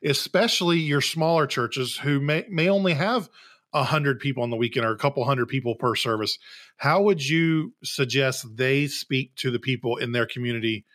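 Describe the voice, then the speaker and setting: A man with a mid-pitched voice hosts a relaxed conversation. He muses through his points in a thoughtful, questioning way, with a hint of exasperation. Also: moderate pace. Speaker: podcast host. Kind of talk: casual podcast conversation.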